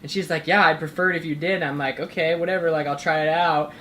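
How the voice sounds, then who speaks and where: A man's voice: on the high side, fairly even intonation, quick pace, fairly bright tone, echoey room, slight background noise. A young man in casual chat, telling a story in a loose, filler-heavy way. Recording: chatter heard behind the voice.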